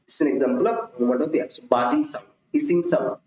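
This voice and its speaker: A man's voice: on the high side, huge pitch swings, fast talker, a little mellow, a little hiss or hum. A man, reading exam questions aloud and repeating phrases as he answers them himself. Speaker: tutor. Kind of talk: exam prep lecture. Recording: roomy, dull lo-fi recording.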